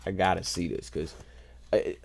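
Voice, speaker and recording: A man hosting a casual show, thinking aloud in a relaxed, playful way and enjoying wordplay. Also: sits low, moderate pace, creaky, slight background noise. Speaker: host. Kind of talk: casual musing talk.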